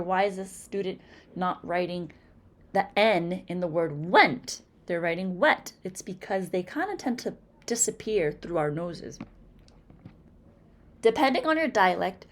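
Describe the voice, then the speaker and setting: A woman with a Massachusetts accent teaching a phonics lesson, carefully sounding out example words one by one. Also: mid-range voice. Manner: slow, deliberate, over-articulating example words.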